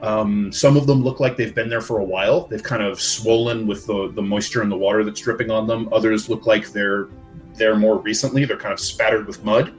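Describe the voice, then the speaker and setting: A man narrating a tabletop game as game master, unhurried and searching for words with many fillers. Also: on the low side, fairly even intonation, soft background music.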